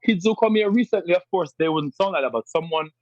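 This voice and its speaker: Podcast guest, a man with a strong Jamaican accent: emphatic and husky, in a dry, dull-sounding recording. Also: on the high side, quick pace, no echo. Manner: emphatic, animated explaining with repetitions. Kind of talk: podcast interview.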